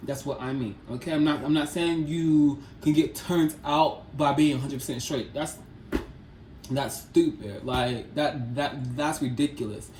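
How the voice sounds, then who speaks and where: Twenties male vlogger, mid-pitched, rambling confessional storyteller, recorded in a reverberant room. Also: fairly even intonation, measured pace, a little mellow. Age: 20s. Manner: rambling, repeats phrases, filler-heavy. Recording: echoey room, faint background noise.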